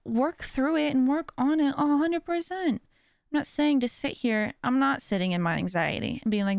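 Chatty woman podcast host, fairly high voice. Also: normal speed, gravelly, darkish tone, no echo, studio quality. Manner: chatty and earnest, rambling with frequent restarts. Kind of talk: casual podcast monologue.

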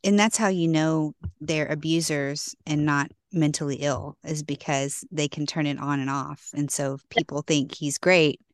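A woman co-host asking questions and offering calm, supportive comments. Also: low voice, measured pace, hardly any pauses, dry recording, studio quality. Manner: calm, supportive, frequent affirming murmurs. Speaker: podcast co-host.

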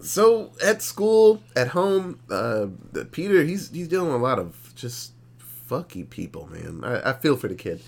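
A man co-hosting a podcast, recapping a horror movie in animated, profane, casual storytelling. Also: medium pitch, unhurried, gravelly. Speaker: podcast co-host. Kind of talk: casual movie review chat.

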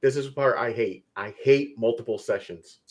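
A man's voice: mid-range voice, normal speed. A man in casual chat who talks bluntly, jokes and swears casually.

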